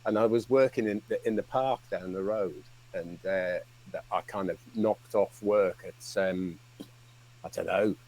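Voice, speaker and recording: A man's voice: sits low, a little slow, darkish tone, low-quality recording. A man telling a long, rambling story on a fan livestream, swearing and laughing as he goes. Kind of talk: casual storytelling.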